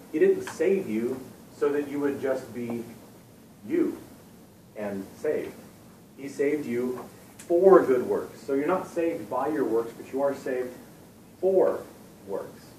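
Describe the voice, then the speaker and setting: A man's voice: mid-range voice, darkish tone, a little hiss or hum. A man teaching a Bible lesson to a youth group, talking casually with fillers and repeated words. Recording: echoey room, from far off.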